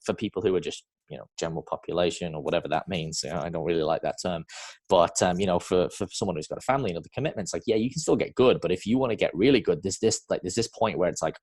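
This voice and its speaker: Podcast host, male, from New Zealand; deep, husky voice, casual rambling delivery. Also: a little mellow. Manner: rambling, lots of fillers.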